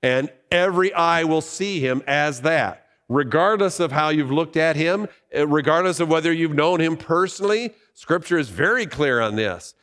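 A man's voice: on the high side, fairly bright tone, long reverb tail. A male pastor giving a sermon in a conversational way, asking his listeners questions. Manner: conversational preaching with rhetorical questions.

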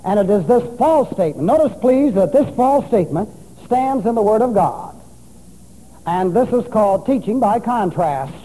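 In an expressive, high, mellow voice at normal speed, a pastor teaches an expository sermon with emphasis, spelling out Greek words one letter at a time, amid the long reverb of a large hall.

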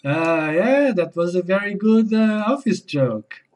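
A man hosting a comedy podcast, playing a baffled dinner guest with slow, hesitant, bewildered replies. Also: high-pitched, sing-song, darkish tone. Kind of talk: comedy sketch and podcast narration.

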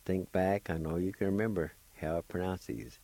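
A man teaching a language lesson on radio, spelling out words slowly and deliberately, syllable by syllable, with an encouraging manner and a Cherokee-speaking Oklahoma accent. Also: deep voice, fairly even intonation, mellow, poor audio.

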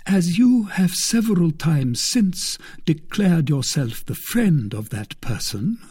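A man voicing a suave, clever male musketeer poet who speaks with measured self-confidence and a husky tone. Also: fairly high pitch, big pitch swings, a little mellow, voice pushed up, heavily acted.

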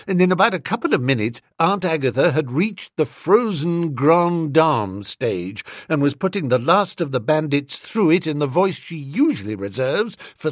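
A man's voice: fairly high pitch, dry recording, studio quality. A man reading a comic first-person story aloud as an audiobook narrator. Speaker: audiobook reader.

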